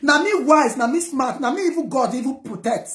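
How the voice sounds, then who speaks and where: A high-pitched, expressive woman talks briskly in a reverberant room. She's a Nigerian vlogger launching a heated personal rant in Pidgin English, defiant toward her viewers and scolding her critics.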